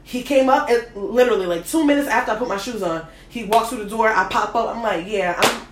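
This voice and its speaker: A woman hosting a casual chat and telling a lively, slangy story about a date. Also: fairly high pitch, fast talker, reverberant, noisy background. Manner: animated, slangy, laughing storyteller. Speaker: host.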